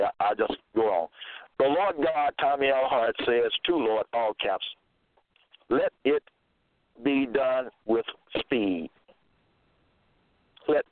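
A man preaching slowly and deliberately, citing scripture verses and checking in with his listeners. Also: medium pitch, dry recording. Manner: deliberate, cites verses, repeats "okay?". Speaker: self-styled religious teacher. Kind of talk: slow scripture-citing sermon. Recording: tinny phone-like dry sound.

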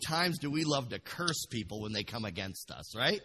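Man, pastor, passionate sermon, lively pitch, husky tone. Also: normal speed. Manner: passionate, swings from hushed to loud. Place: church.

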